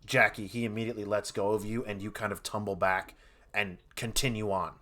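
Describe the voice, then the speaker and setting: A man running a tabletop horror game as game master, narrating scenes in a measured, slowed-down way. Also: on the low side, level tone, pushed and bright.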